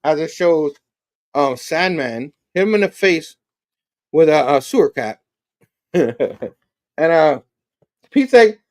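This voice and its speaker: A man's voice: fairly high pitch, sing-song, slow, long pauses, darkish tone. A male host casually recapping a comic book, chuckling as he tells the story.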